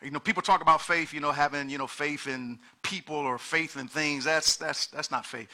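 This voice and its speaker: A male pastor preaching a sermon, swinging from quiet, low passages to shouted peaks and urging the congregation on with repeated exhortations. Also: fairly even intonation, moderate pace, few pauses.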